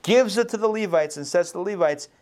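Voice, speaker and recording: A man's voice: sits high, quick pace, darkish tone. Chatty man teaching a class online. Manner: chatty, self-correcting, checks in with listeners. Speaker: Torah teacher. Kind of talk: conversational online Bible class. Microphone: video call.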